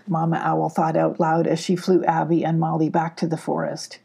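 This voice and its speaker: An older woman reads a children's storybook in a gentle, grandmotherly way. Her voice is mellow and warm, with a husky edge. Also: sits low, monotone, moderate pace, hardly any pauses. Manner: gentle, doing character voices.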